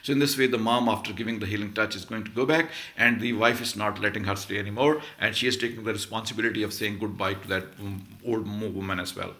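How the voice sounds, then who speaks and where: A man's voice: on the low side, steady tone, quick pace, few pauses, bright, forceful tone. A man, a literature professor, reading passages from a short story aloud and then explaining them in an emphatic lecture, repeating key phrases.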